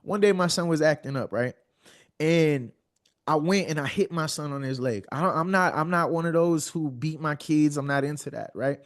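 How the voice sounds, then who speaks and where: This podcast guest, a man in his thirties, speaks at a moderate pace in a fairly high voice. He tells heartfelt stories conversationally and earnestly, often repeating words as he builds toward a point.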